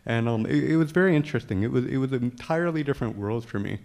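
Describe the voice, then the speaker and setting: A man with a medium-pitched, creaky voice tells a personal story to an audience in rapid-fire fashion. He keeps it humorous, chuckling often, and acts out the dialogue with lively quoted voices.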